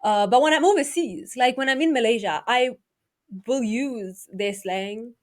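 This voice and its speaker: Young woman, podcast co-host, slightly high and chatty, restarts her thoughts a lot. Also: measured pace. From South Africa. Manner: chatty, lively, trails off and restarts, laughs along. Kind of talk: casual chat.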